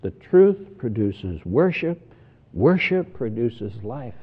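A man preaching a sermon in an earnest, deliberate way, often repeating words as he stresses each point. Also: mid-range voice, lively intonation. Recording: tinny phone-like sermon recording.

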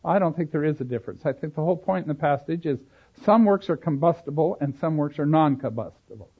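A man's voice: a little high, lively intonation, fast, slightly rough. A man teaching a Bible study lecture, explaining at length, drifting into side notes and correcting himself as he goes. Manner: explanatory, digressive, self-correcting. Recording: tinny phone-like sound.

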